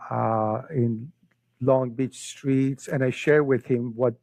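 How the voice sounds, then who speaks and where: Slow earnest guy, middle-aged, telling his faith story, repeats himself a lot, dry close mic. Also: medium pitch, fairly even intonation, vocal fry, a little mellow, no echo, rough recording. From Iran. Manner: earnest, emotional storytelling with frequent word repeats. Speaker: podcast guest. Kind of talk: personal faith testimony.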